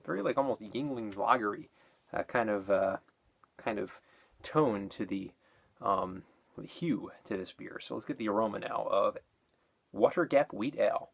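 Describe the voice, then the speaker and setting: A man's voice: on the low side, normal speed, vocal fry, husky. Rambling, breathless man reviewing a beer. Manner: rambling, with many fillers and self-corrections. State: out of breath after exercise.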